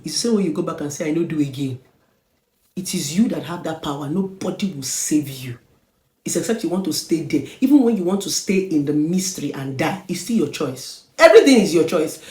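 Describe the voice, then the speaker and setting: A Nigerian woman, a relationship therapist, lecturing her online audience with scolding rhetorical questions that swing between loud and quiet. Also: medium pitch. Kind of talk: preaching-style monologue to camera. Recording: echoey room.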